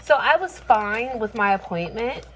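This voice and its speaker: A woman's voice: a little high, expressive, measured pace, fairly bright tone, slight background noise, poor audio. A woman vlogging casually in her kitchen, venting with frustration and swearing freely. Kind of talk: casual chat. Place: home kitchen.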